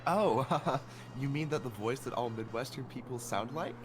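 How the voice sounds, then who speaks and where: A man's voice: medium pitch, moderate pace, slight background noise. A man co-hosting a game playthrough, chatting casually and teasing his partner in dry banter. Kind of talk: casual gaming commentary.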